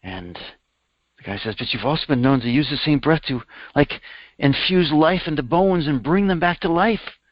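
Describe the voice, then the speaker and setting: A man's voice: normal speed, no room sound. Man, sermon storyteller, acts out characters, dry close sound, muffled lo-fi. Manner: animated storyteller, voicing characters with raised pitch. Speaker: spiritual teacher.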